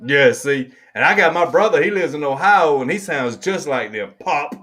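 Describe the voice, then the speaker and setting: A relaxed man with a Southern US accent talks loosely on a live stream, a little high in pitch for a man. He laughs easily and circles back over his own phrases as he hosts the chat. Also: normal speed. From American South. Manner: laid-back, chatty, laughs often, repeats phrases. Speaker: host.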